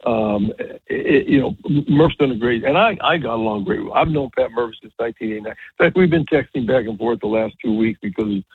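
A man in his seventies, a retired baseball coach, telling stories on a radio show in a rambling, animated way with many restarts. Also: mid-range voice, a little fast, few pauses, slightly rough, no echo. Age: 70s. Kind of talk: casual radio interview. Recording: tinny phone line.

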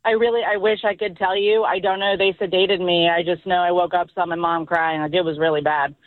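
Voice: medium pitch, level tone, fairly quick, no echo. Radio phone-in caller, plain delivery, tinny phone-line sound, dry. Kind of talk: phone-in call.

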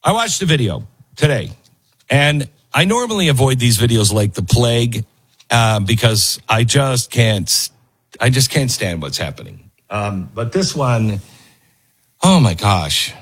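On this talk radio segment, a middle-aged host with a medium-pitched, husky, fairly bright voice delivers a monologue and an ad read at an unhurried pace. He is very animated yet conversational, interrupting himself, restarting sentences and using fillers, in a dry recording.

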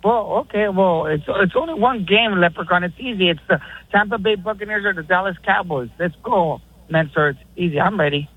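High-voiced man on a dull lo-fi line. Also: fairly quick, breathy edge, no room sound. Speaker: regular caller making picks. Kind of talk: casual call-in banter. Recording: dull lo-fi line with fiddle music.

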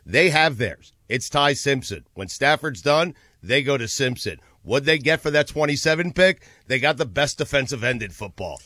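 A male sports talk host with a bright, forward tone that sits dry and close on the mic. He talks emphatically, chuckles easily and backs others with quick agreement. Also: mid-range voice, lively intonation, no echo. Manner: emphatic, quick to laugh, peppers replies with "yes".

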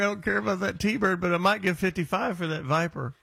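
A man's voice: sits high, a little fast, creaky, bright, forceful tone, husky, no room sound. A male radio show host bantering and haggling with callers, joking and teasing as he talks into a studio microphone. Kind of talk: casual on-air banter with callers.

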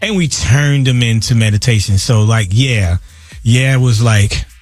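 A man in his fifties, a guest in a casual radio interview, talking loudly with laughs and shouted emphasis. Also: mid-range voice, measured pace, no room sound. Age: 50s. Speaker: guest artist.

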